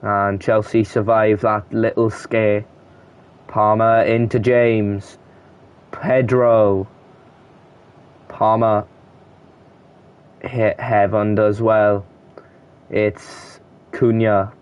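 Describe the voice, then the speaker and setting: With a fairly low, level voice, drawn-out words and long pauses, a young man gives casual play-by-play of a football video game in a clean recording. He reads player names in short bursts and shouts at goals and chances.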